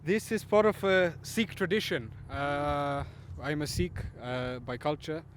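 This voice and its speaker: A man with a fairly high voice, answering questions in an easygoing, upbeat way. He speaks as a rally driver. Faint noise from outdoors sits behind him. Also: measured pace. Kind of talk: casual interview answers.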